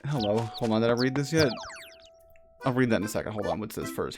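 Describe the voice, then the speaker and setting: Chatty game streamer, mid-pitched. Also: brisk, music in the background. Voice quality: rambling, chatty, self-correcting. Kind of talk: casual live-stream commentary over gameplay.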